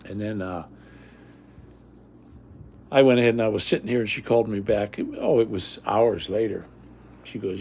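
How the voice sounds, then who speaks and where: A man's voice: fairly low pitch, moderate pace, creaky, pauses often, a little mellow, a little hiss or hum. An older man hosting a casual livestream from home, talking bluntly and rambling, often repeating himself. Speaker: livestream host.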